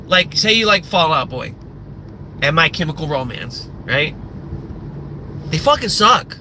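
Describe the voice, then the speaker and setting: High-voiced man on profane tangents. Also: animated, measured pace, background noise. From Midwest US. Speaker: live streamer. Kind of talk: casual livestream rant.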